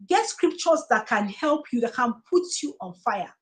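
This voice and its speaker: Her voice is a little high and expressive, at a moderate pace, heard through poor audio. Tearful and on the verge of crying, the woman with a Nigerian accent earnestly encourages live-stream viewers, repeating phrases for emphasis in a preachy, motivational talk.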